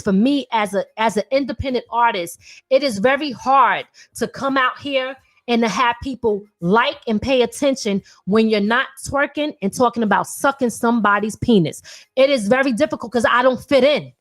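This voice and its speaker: A woman in her thirties hosting a podcast, an independent artist talking bluntly and animatedly with lots of profanity. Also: fairly high pitch. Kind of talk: casual opinionated talk.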